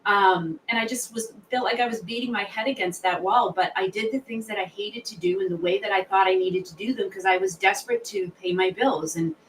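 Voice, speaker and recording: A middle-aged woman, a guest on an interview podcast, telling stories in a lively, animated way and acting out what people said. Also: mid-range voice, a little fast, few pauses, far from the mic, slight background noise, rough recording. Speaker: guest, sales author and founder.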